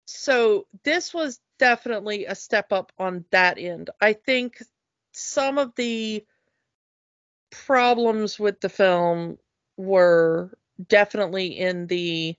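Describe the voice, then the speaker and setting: A woman chatting casually and enthusiastically on a podcast, often halting with fillers and restarts. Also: medium pitch, expressive, fairly bright tone, dry recording. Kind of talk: casual chat. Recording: dull, lo-fi dry recording.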